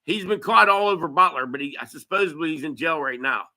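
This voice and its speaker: A man's voice: fairly high pitch, animated, fast talker, pushed and bright. A man chatting as a podcast guest, telling rambling, profane local stories. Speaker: guest, local news video maker. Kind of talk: casual podcast chat.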